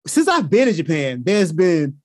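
A man's voice: a little high, very animated, moderate pace, dry recording, studio quality. A man hosting a casual chat, slangy and laid-back, often saying bruh and yo.

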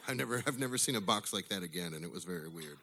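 A man's voice: deep voice, lively intonation, racing, sharp tone. A man telling a wry, profane personal story at a bar open mic, in a casual manner. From Illinois. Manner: casual, wry, swears freely. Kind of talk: live storytelling. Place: bar with live audience.

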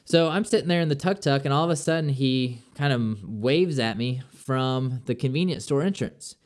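A man's voice: mid-range voice, moderate pace, darkish tone. A young man casually telling a personal travel story, chatty and loose, full of "like" and "I'm like".

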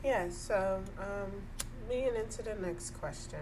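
A woman's voice: mid-range voice, a little slow, background noise. A woman in her twenties interviewing her co-host in a chatty, supportive way, with lots of fillers. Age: 20s. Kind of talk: casual chat.

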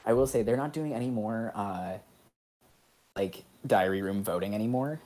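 A man's voice: lowish voice, normal speed, warm tone. A man co-hosting a casual reality-TV chat, rambling with many fillers and frequent laughs. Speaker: podcast co-host.

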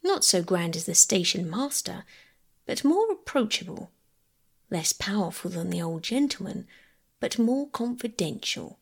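A woman narrating a classic children's novel as a gentle bedtime audiobook reading. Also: mid-range voice, big pitch swings, measured pace, vocal fry, slightly rough. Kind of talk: scripted bedtime story narration.

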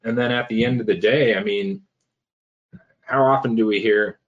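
A health coach giving casual advice, pausing often with fillers and restarting phrases. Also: male voice, fairly low pitch, steady tone, lo-fi sound. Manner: hesitant, many fillers and restarts.

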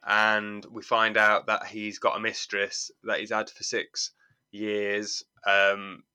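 A man's voice: fairly low pitch, completely flat delivery, takes it slowly, bright, forceful tone, clear, resonant tone. A man, co-hosting a podcast, recapping an episode in rambling, amused casual chat. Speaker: podcast co-host.

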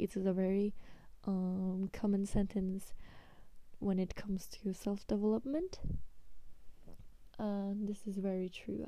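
A woman for whom English is not a first language hosts a solo podcast in a slow, unhurried way. Her voice is very dark and mellow, recorded dry and close with no room around it. She sounds hesitant and apologetic, often sinking into a whisper. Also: medium pitch, dry recording. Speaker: podcast host. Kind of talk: soft-spoken solo podcast monologue.

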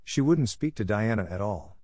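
A man narrates a classic novel in a steady, measured audiobook reading. His voice is somewhat low, caught on a close mic with a dry, roomless sound. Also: slightly rough, no echo.

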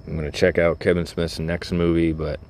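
Deep-voiced man rambling cynically. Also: level tone, fairly quick, darkish tone, a little hiss or hum. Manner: blunt, cynical, rambling with frequent fillers and cursing. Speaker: vlogger. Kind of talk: casual rambling monologue.

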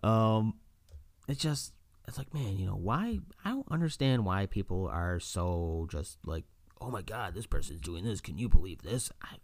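Deep-voiced male podcaster, solo casual rant, lively storyteller who mimics people, dry sound. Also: dry recording. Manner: animated storytelling, acts out quoted voices, laughs often. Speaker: podcast host. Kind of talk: casual monologue.

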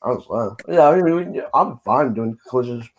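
A man's voice: mid-range voice, expressive, normal speed. An Australian man in a casual online voice-chat debate who rambles and swears in nearly every sentence.

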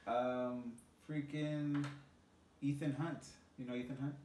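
A man's voice: medium pitch, fairly even intonation, slow pace, darkish tone, distant mic, a little hiss or hum. A young man co-hosting a casual podcast who swears freely and laughs easily. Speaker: podcast co-host. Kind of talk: casual chat. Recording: echoey room, voice from off-mic, faint ambience.

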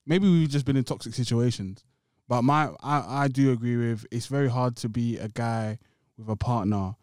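A man in a casual group chat, animated and acting out little scenes with shouts. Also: mid-range voice, no room sound, studio quality.

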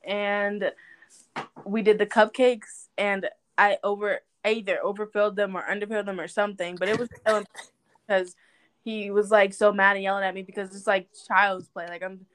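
A young adult woman hosting a podcast, telling stories in a chatty, animated way with lots of fillers. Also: mid-range voice, fairly quick, smooth. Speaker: podcast host. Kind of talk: casual chat.

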